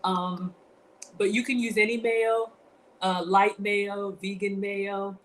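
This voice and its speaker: A woman's voice: medium pitch, flat delivery, takes it slowly, slight background noise. A woman with a slight Southern drawl hosting a casual cooking live stream from her home kitchen, chatting with viewers and laughing often. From African born, grew up in the US South.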